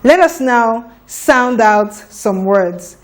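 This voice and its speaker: A woman teaching a children's phonics lesson, sounding out letters slowly and deliberately. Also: fairly high pitch, animated, a little hiss or hum.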